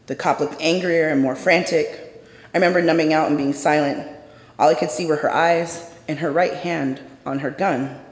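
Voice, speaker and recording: A man performs a dramatic first-person story on stage, measured and intense, with deliberate pauses. His voice sits a little high with a gravelly edge. It rings through a large, reverberant theater. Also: fairly even intonation. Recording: echoey hall with long reverb.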